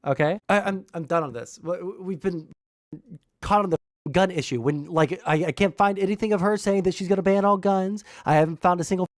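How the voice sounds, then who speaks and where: Reading chat during a casual livestream rant, a young political commentator argues back in an exasperated, meandering way, stumbling through fillers and restarts. His voice sits high and moves fairly quickly, and the recording is dry and studio quality.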